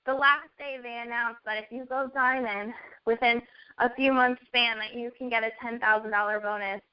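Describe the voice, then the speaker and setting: A young woman with a high, bright-toned voice tells her story in an earnest, heartfelt way, often acting out what she and others said. The recording is dull and lo-fi. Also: steady tone, moderate pace, clear, resonant tone. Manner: earnest storytelling, quotes herself. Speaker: network marketing guest. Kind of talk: casual chat. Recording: dull lo-fi audio.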